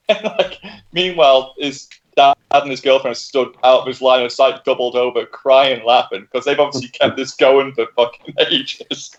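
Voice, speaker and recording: At a moderate pace and medium pitch, a man in his thirties co-hosts a gaming livestream with relaxed chatter. Laughter and swearing punctuate his lively storytelling, and the sound is muffled and lo-fi.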